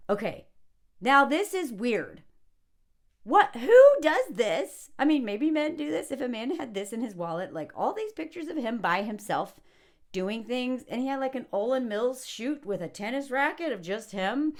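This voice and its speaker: A woman's voice: fairly high pitch, expressive, normal speed. A woman reviewing a movie in casual spoken commentary, sarcastic and mocking, chatty with lots of likes and ums.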